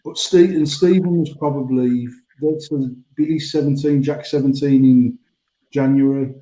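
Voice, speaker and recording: A man's voice: medium pitch, fairly even intonation, moderate pace, mellow, echoey room, rough recording. A British man in his forties telling rambling stories in casual banter, swearing freely. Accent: British English. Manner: rambling storytelling, frequent swearing. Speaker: podcast host.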